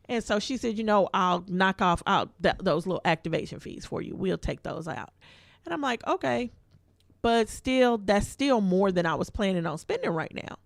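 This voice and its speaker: Animated woman telling a story, slight vocal fry. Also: mid-range voice, moderate pace, dry recording, studio quality. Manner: animated storyteller who acts out quoted voices; informal, colloquial speech. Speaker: podcast co-host. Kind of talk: casual storytelling chat.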